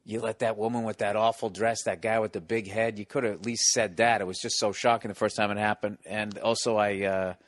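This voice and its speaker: A man's voice: fairly low pitch, level tone, brisk, hardly any pauses, no echo. A middle-aged man hosting a podcast, telling profane stories and acting out the people in them. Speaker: podcast host. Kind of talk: casual chat, storytelling.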